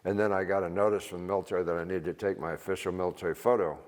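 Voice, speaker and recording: An older man, a retired Army veteran, gives an informal seminar talk to a church group in a reverberant church hall. His low-pitched voice races along with fairly even intonation as he rambles plainly and chuckles at his own stories.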